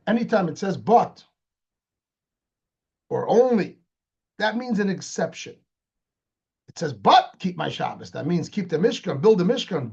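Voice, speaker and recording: Animated rabbi, man, high-pitched voice. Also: gravelly, breathy edge, dull audio. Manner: animated, asks rhetorical questions, repeats words when restarting. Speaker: rabbi teaching Torah. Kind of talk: explanatory lecture.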